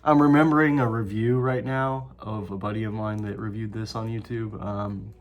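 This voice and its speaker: This snuff reviewer hosts his own vlog, chatting loosely to the camera, cursing freely, rambling and laughing a lot. His voice is fairly low and steady, a little slow, with frequent pauses.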